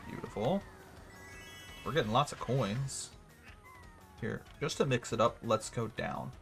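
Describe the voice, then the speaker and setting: A man's voice: medium pitch, expressive, a little slow, creaky, a bit bright, soft background music. A man casually commentating a racing game livestream, chatty and self-mocking, with hiccups and a little wheezing. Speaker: streamer.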